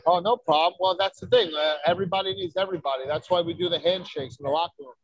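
A man's voice: high-pitched, fast talker, breathy edge, dry recording, muffled recording. A man, a wrestler telling brash, profane stories in a casual podcast chat. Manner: brash, profane, boastful storytelling. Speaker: wrestler guest.

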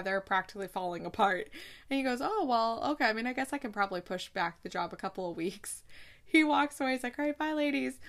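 A young woman casually recapping a movie plot, acting out the characters' lines and laughing often. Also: on the high side. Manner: animated storytelling, acts out lines, laughs often. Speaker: podcast host reviewing holiday movies.

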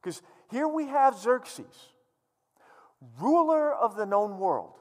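A male pastor preaching with a high, very lively voice that swoops up and down as he teases the crowd. His words ring through a church hall with a long reverb. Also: slow pace. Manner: animated, humorous, jokes with the audience. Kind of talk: sermon.

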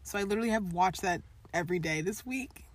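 A young woman in casual podcast chat, talking in an animated, rambling way and breaking into laughter often. Her voice sits at a middle pitch for a woman. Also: fast. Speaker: podcast co-host.

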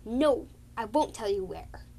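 A woman's voice: a little high, animated, measured pace, creaky, mellow, exaggerated voice. A woman voicing a grumpy, secretive mentor cat who answers curtly. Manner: curt, grudging.

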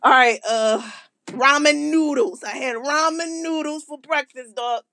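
A woman voicing a laid-back young woman calling in to a radio show, talking in a slow slangy drawl and bargaining her way out of things. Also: high voice, pushed and bright, dry recording, clean studio sound, exaggerated voice. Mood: nonchalant.

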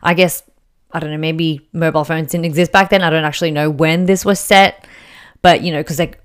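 A woman's voice: sits low, steady tone, a little fast, smooth. A young woman telling a story casually, chatty and full of fillers and jokey asides.

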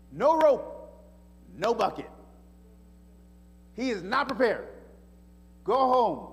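High-voiced animated preacher man. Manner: animated preaching with casual slang and rhetorical questions. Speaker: pastor. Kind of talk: sermon. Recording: echoey hall reverb.

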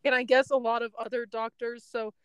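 A young woman tells a story in a loose, chatty way, wandering off the point and laughing often. Her voice is smooth and clear, and it sits close and dry, with almost no room sound. She sounds like she is talking from a parked car. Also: a little high, little pitch movement, fairly quick, fairly bright tone, dry recording, rough recording. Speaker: podcast host telling a story. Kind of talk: casual storytelling chat.

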